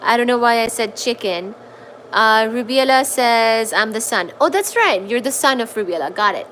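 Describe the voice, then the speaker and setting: A woman's voice: fairly high pitch, expressive, normal speed, a bit bright, slight background noise. A woman hosting a casual livestream from home, reading chat comments aloud and cooing baby talk at her cat.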